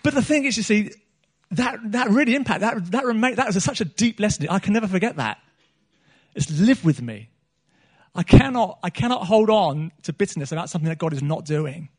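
With a high, animated voice and a brisk pace, a middle-aged man preaches to a church meeting. His delivery is earnest, full of repetition and restarted phrases.

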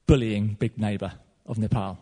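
Man, preacher, sermon, husky, long hall reverb. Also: fairly low pitch, moderate pace. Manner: animated preaching, swinging from loud to soft.

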